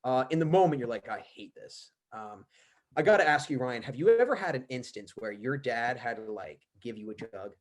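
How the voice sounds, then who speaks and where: A man's voice: mid-range voice, brisk, hardly any pauses. A young man in his twenties, a podcast guest, talking in a rambling casual way with lots of filler words.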